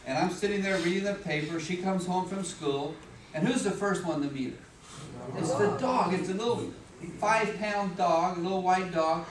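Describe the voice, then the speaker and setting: A middle-aged man speaks in a fairly high voice, mixing jokes and acted-out voices into a motivational talk at an office meeting. He sounds far from the mic in an echoey room. Steady background noise sits behind him. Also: moderate pace. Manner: humorous, animated, acts out voices and sounds.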